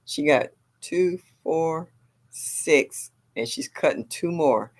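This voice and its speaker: A woman's voice: low voice, takes it slowly. An older woman hosting a gardening livestream, chatting casually and reading viewer comments aloud. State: a little sore.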